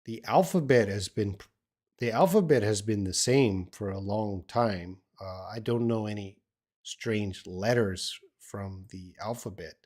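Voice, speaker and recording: A man's voice: on the low side, unhurried, darkish tone. A middle-aged man teaching English on a live stream, answering viewers' questions and thinking aloud with hesitant restarts. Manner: encouraging.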